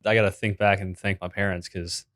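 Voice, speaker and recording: A man co-hosting a casual interview podcast, talking in a relaxed, self-deprecating way. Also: sits low, brisk, no room sound, studio quality. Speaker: podcast co-host.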